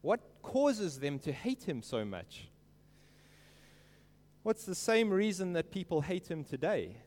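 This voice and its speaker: A man preaching an earnest sermon, stressing quoted lines slowly and emphatically. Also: sits high, sing-song, darkish tone, long reverb tail.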